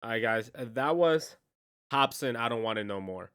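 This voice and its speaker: The host speaks at a normal pace in a medium-pitched, slightly bright, expressive voice. Reacting to a track that moves him, he keeps things slangy and sincere, constantly dropping "bro" and "man."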